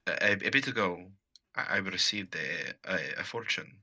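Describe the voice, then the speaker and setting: A man voicing a hesitant young woman adventurer with a dark soul who speaks formally and stumbles over her words. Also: low voice, slightly rough, full character voice. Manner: halting and formal, many stumbles.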